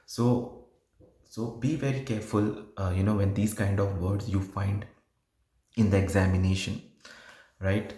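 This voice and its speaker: Low, flat-voiced man tutoring in an echoey room. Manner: explains slowly with many fillers and restarts. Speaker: test prep tutor. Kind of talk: casual tutorial talk.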